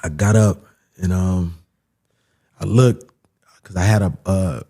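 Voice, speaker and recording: Man, young adult, low gravelly voice, husky, casual storytelling, animated, swearing. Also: slow. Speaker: guest telling a story.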